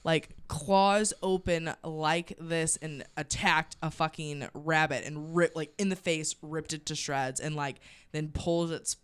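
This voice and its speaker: A woman's voice: sits low, fairly even intonation, a little slow, hardly any pauses. A woman co-hosting a casual talk show who reacts with strong emotion and swears casually. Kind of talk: casual chat.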